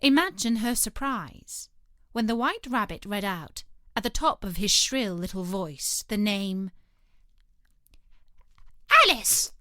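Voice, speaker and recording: Bright-voiced woman reading a storybook. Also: mid-range voice, animated, measured pace, dry recording, clean studio sound. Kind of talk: scripted storybook narration.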